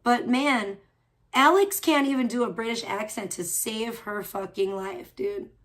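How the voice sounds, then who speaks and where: A woman with a slightly high-pitched voice chats loosely on her live stream. She rambles and laughs often as she talks to her viewers and answers their comments. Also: unhurried, fairly bright tone. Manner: rambling, chatty, frequent laughs; reads and answers chat. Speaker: livestream host. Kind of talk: casual live-stream chat.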